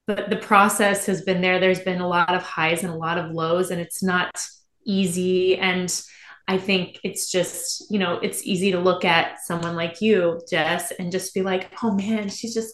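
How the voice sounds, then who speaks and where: A young adult woman, a guest on a podcast, talking in an earnest, thoughtful way. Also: lowish voice. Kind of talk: casual podcast conversation. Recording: echoey room.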